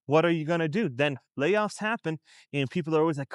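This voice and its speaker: A man vlogs about finances in a relaxed, conversational tone, his voice sitting a little high for a man. He keeps throwing rhetorical questions at the viewer. The sound is dry and close, with no room echo. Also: fairly quick, clean tone. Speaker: finance vlogger. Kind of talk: casual commentary to camera. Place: outside a store in a shopping district.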